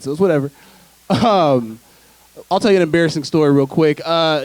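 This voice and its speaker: Man, stand-up comic, fairly high-pitched, chatty asides to the audience, dry sound. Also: no echo. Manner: loose, conversational delivery with frequent laughs and asides to the crowd. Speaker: stand-up comedian. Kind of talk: stand-up comedy set. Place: theater stage before a live audience.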